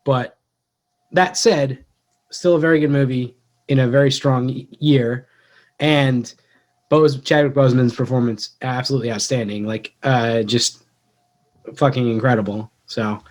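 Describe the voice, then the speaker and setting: A man's voice: medium pitch, fairly even intonation, measured pace. Laid-back man with filler-heavy speech. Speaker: podcast co-host. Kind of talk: casual chat.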